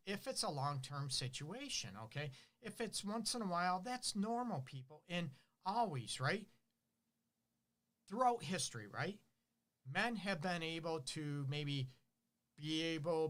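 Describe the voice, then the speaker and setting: A man's voice: a little high, expressive, moderate pace, sharp tone. A middle-aged man hosting a relationship advice show, talking casually and animatedly, asking rhetorical questions and acting out what partners say. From Detroit.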